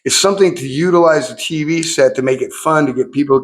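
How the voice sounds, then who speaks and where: A middle-aged man vlogging in a casual, rambling monologue, cursing freely and jumping up in pitch when excited. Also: quick pace.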